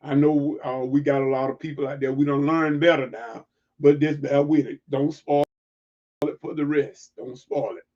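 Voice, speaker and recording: A man preaching reflectively to an online audience, emphatic and repeating words as he builds to near-shouts. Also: on the high side, steady tone, normal speed, lo-fi sound. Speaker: livestream preacher.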